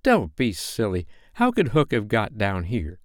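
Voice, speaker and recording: A man voicing a bold, cocky boy who shouts eagerly. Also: lowish voice, wildly swooping pitch, measured pace, no room sound, studio quality. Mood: impatient.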